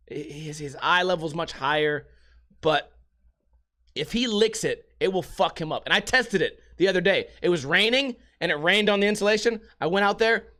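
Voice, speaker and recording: A young man talks casually on his podcast, wandering from tangent to tangent with plenty of swearing and jokes. His voice sits high and sounds bright and ringing. He keeps it loose and unscripted. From United States. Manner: rambling, profane, jokey storytelling. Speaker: podcast host.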